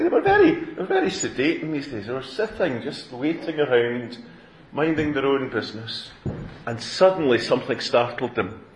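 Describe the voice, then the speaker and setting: A man preaching a sermon, reading scripture in an animated storytelling way with playful asides. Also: medium pitch. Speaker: minister. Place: church. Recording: roomy echoing church.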